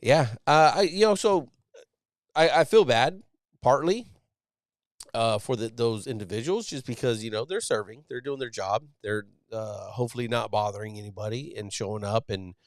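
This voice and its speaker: Guy in his 30s ranting casual on a live stream, swears a lot, mid pitch, dry close mic. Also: moderate pace, no room sound. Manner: blunt, profane, rambling with many restarts. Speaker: podcast host, Navy sailor.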